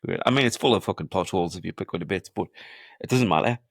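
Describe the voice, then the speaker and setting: A man with a very deep voice co-hosts a casual podcast. He retells film scenes with sweary, eager enthusiasm. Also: lively intonation, fast, no room sound, studio quality. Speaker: podcast co-host. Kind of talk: casual movie chat.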